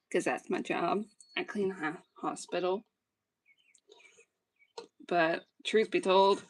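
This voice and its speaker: A woman with a Southern drawl from Georgia talks at an unhurried, easygoing pace. She rambles casually as a streamer, teasing herself and joking as she goes. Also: mid-range voice. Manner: relaxed, rambling, self-deprecating and joking. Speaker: streamer and vlogger. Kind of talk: casual chat while woodworking.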